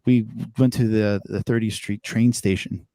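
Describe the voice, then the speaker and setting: A man's voice: fairly low pitch, moderate pace, no room sound. Rambling male stream host from Philadelphia, dry close sound. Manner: rambling, filler-heavy, animated. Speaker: host and developer. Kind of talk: casual livestream chat.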